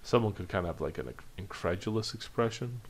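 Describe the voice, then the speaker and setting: Deep-voiced male animation teacher, loose and chatty, narrating as he draws. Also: lively intonation, fast talker, a little hiss or hum. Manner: loose, chatty, thinking aloud while drawing. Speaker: animation instructor. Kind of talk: live drawing demonstration lesson.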